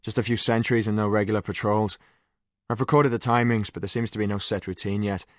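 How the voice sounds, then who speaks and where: A man narrating puts on a laconic Irish corporal, soft-spoken and crude, grumbling through dry jokes. The voice sits low and close with no room around it. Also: little pitch movement, fairly quick, no room sound, lightly acted. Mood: wry grumbling. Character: wry male army corporal, crude and laconic.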